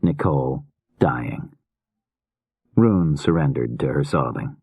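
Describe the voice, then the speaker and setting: A man narrating a thriller audiobook in a measured, grave manner. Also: a bass voice, a little mellow, dry recording.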